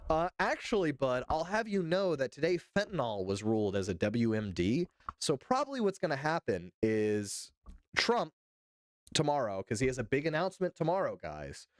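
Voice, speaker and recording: A man's voice: mid-range voice, no room sound, studio quality. A man hosting a livestream, reading news aloud and commenting in a sarcastic, profane way with bursts of mock outrage. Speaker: livestream host.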